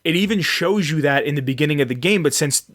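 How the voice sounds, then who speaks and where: A man's voice: on the high side, expressive, fast, fairly bright tone, no room sound, studio quality. A man co-hosting a casual podcast, rambling with many fillers and restarts. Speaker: podcast co-host.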